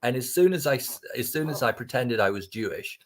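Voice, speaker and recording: A man's voice: mid-range voice, expressive, a little fast. A man as a podcast guest, telling a story in casual chat, rambling with many restarts and frequent swearing.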